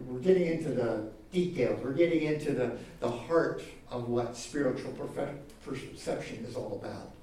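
A man preaching a sermon in an earnest manner, dropping to a hush for tender moments and rising for emphasis. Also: medium pitch, far from the mic. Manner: earnest, swings between loud emphasis and near-whispered tenderness. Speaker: pastor. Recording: echoey room, speaker away from the mic.

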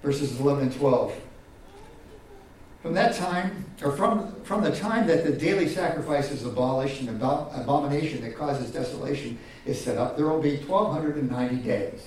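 Man preaching, echoey hall, distant mic, sermon, swings loud and soft. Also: moderate pace, slight background noise. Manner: preaching with wide swings in pitch and loudness, repeating words. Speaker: pastor.

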